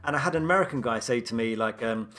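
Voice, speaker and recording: A man's voice: medium pitch, expressive, fast talker, a bit bright. A man co-hosting a podcast, chatting casually in a joking, rambling way with lots of fillers. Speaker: podcast co-host. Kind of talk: casual chat.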